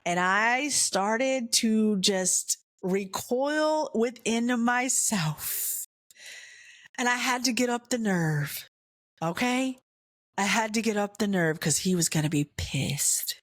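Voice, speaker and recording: A woman podcast host telling a candid, humorous personal story in an animated way. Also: fairly high pitch, slow pace, dry recording, studio quality.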